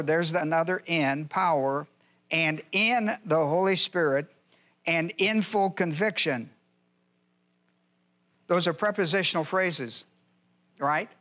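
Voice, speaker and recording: A man's voice: fairly high pitch, slow, pauses often, a bit bright. A male pastor teaching a Bible class verse by verse, emphatic, repeating key phrases and quizzing his listeners.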